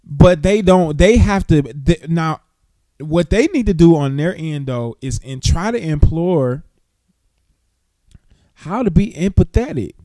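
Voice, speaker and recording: A man hosting a morning talk show, talking casually with animated emphasis. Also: on the high side, measured pace, dry recording.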